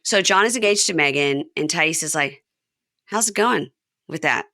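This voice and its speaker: Bright-voiced woman podcast host. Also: moderate pace, dry recording, studio quality. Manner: animated retelling, acting out quotes in high voices. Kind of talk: casual recap chat.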